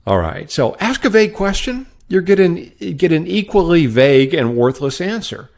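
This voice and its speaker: A man's voice: fairly high pitch, sing-song, moderate pace, darkish tone. A middle-aged man hosting a solo sales-training podcast, upbeat and coaching.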